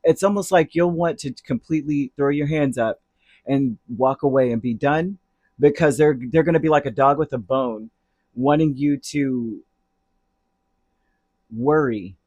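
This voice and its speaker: A man's voice: mid-range voice, a little slow, long pauses, a little mellow, no room sound. A man giving a casual tarot reading, talking in a rambling, chatty way that drifts into heated asides. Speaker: tarot reader.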